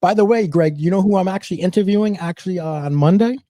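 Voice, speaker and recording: A man's voice: sits high, fast talker, dark tone, dry recording. A man with a New Jersey accent hosting a casual live show, reading viewer comments aloud in an easygoing way. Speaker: host. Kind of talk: casual livestream chat.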